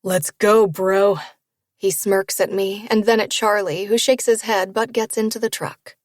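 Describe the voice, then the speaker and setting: A woman's voice: mid-range voice, fairly even intonation, normal speed, no room sound, studio quality. Woman narrating a romance novel. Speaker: audiobook narrator. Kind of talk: first-person novel narration.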